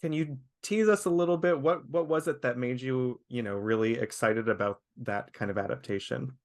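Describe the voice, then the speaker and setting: A man's voice: mid-range voice, moderate pace. A man hosting a webchat interview, asking questions in an upbeat, enthusiastic way. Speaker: interview host.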